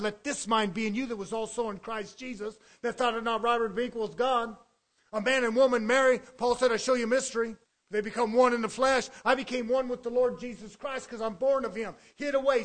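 A man preaching a sermon, swinging between hushed low passages and loud shouted preaching.

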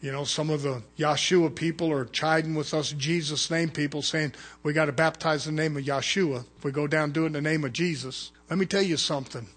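A man preaching a fervent sermon as pastor, swinging between loud urgent calls and hushed low asides. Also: fairly even intonation, brisk, few pauses, husky.

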